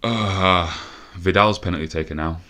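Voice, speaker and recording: A young man commentating a football video game live, a bit out of breath and swearing often, shouting when the action peaks. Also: deep voice, normal speed. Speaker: gaming commentator.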